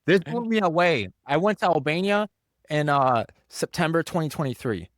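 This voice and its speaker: A young man hosting a casual podcast, telling a story in an animated way with lots of fillers and acted-out quotes. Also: fairly high pitch, moderate pace, dry recording, studio quality. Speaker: podcast host.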